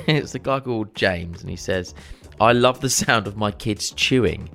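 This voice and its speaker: A man's voice: on the low side, a little slow, gravelly, fairly bright tone, faint music behind. A man in his thirties co-hosting a podcast in casual chat, chatty and laughing often. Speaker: podcast co-host.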